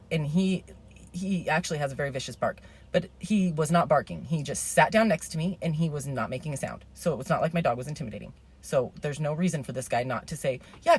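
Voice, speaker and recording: A woman's voice: sits low, darkish tone, slightly rough. A woman in her thirties telling a rambling, indignant story as a vlogger, swearing and then apologizing for it.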